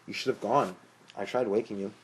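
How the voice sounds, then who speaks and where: A man's voice: fairly low pitch, steady tone, a little fast, breathy edge. A man voicing a young male college student who talks casually and jokes with friends. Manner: casual, joking. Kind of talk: audiobook narration.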